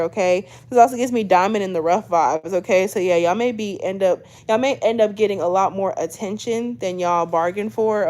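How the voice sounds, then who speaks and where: A woman's voice: lowish voice, a little mellow. Twenty-something woman doing a laid-back tarot reading, says okay? every other line, swears casually. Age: 20s. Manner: chatty, keeps adding "okay?" and "y'all", swears casually. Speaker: tarot reader.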